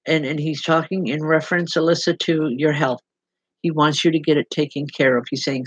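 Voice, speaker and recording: A woman's voice: sits low, steady tone, a little fast, husky, no echo, low-quality recording. A woman working as a medium, giving spirit readings online and speaking directly to people by name in an earnest, plain-spoken way.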